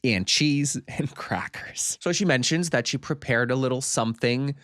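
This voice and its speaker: A man's voice: mid-range voice, normal speed, a bit bright, no room sound, studio quality. A man casually recapping a comedy movie, laughing often and swearing freely as he animatedly retells scenes. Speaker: movie reviewer.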